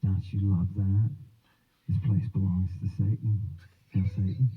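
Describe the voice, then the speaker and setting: A man's voice: low-pitched, little pitch movement, a little slow, husky. A man hosting a livestream, lecturing in a rambling, theatrical way with mocking asides. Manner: theatrical, swinging between musing and mocking asides. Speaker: host of a religion and language livestream. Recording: thin, phone-like sound.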